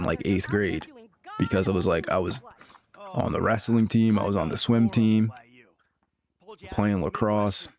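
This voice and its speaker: A man streaming a game and telling stories in a loose, rambling way, full of filler words and laughs. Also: low-pitched. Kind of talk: casual storytelling chat.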